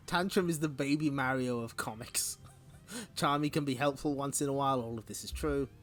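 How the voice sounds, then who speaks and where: A man's voice: mid-range voice, moderate pace, faint music behind. A man hosting a stream, giving wry, profane commentary while reading a comic aloud. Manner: wry, swears, laughs often. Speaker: streamer host. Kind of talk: casual comic read-along commentary.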